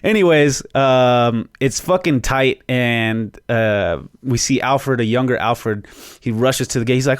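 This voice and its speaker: A man hosting a podcast in an excited, casual way. He swears freely and fills pauses with "um". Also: medium pitch, clear, resonant tone, dry recording, clean studio sound. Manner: excited, profane, lots of fillers. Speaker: podcast host. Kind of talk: casual chat.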